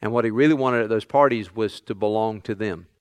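A man's voice: fairly low pitch, a little fast, clean tone, no echo. A man preaching a sermon, earnestly retelling stories in others' words. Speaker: pastor.

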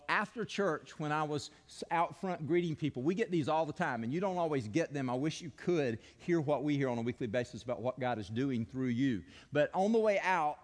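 A man's voice: fairly high pitch, lively intonation, normal speed. A man preaching a sermon as pastor, telling stories earnestly and leading the congregation in call-and-response. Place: church sanctuary. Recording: long hall reverb.

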